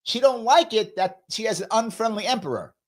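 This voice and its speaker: A man's voice: high-pitched, animated, a little fast. A man hosting a live political commentary show, talking in a sarcastic, mocking way. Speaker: host.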